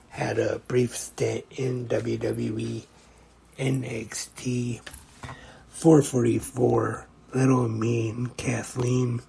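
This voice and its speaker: A man's voice: mid-range voice, vocal fry, warm tone, a little hiss or hum, low-quality recording. A man hosting a podcast, reading out a ranked list with brief asides, and he is losing his voice a little. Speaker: podcast host.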